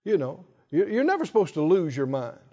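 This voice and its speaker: A man's voice: a little high, sing-song, a little fast, dark tone, breathy edge, in a large hall, lo-fi sound. A middle-aged man preaching a sermon, emphatic, drawing out key words and prompting the congregation to answer. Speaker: pastor. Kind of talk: sermon with call-and-response.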